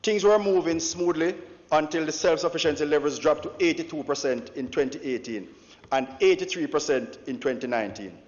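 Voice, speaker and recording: A man's voice: a little high, fairly quick. A Jamaican man, an opposition member of parliament, delivering a formal, declamatory speech and often addressing the Speaker. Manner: declamatory, punctuates with "Mister Speaker". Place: large parliament chamber. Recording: dull echoey chamber broadcast audio.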